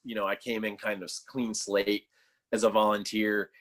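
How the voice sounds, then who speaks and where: A man with a voice on the low side and a level tone speaks at normal speed as a guest on a casual podcast. He tells stories loosely, full of fillers, with a sarcastic sense of humor.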